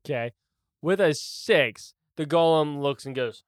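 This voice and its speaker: A game master narrating and running a tabletop role-playing game in a relaxed, unhurried way, laughing easily. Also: mid-range voice, no echo, clean studio sound.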